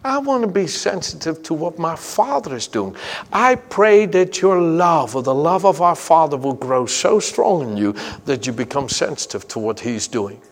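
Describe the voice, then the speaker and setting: Fervent preacher man with a gravelly voice. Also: fairly high pitch, lively intonation, moderate pace. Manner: fervent, emphatic preaching with personal stories. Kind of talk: sermon. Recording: long reverb of a large hall.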